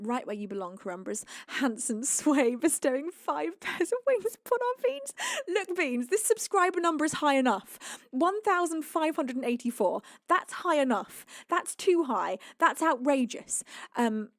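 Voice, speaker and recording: A high-voiced woman from the UK runs her live stream, bubbling with laughter as she thanks her viewers. She slips into a playful mock-stern tone to tell them off. Her voice sits close and dry, with no room around it. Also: animated, moderate pace, no echo. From United Kingdom. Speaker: singer and live-stream host.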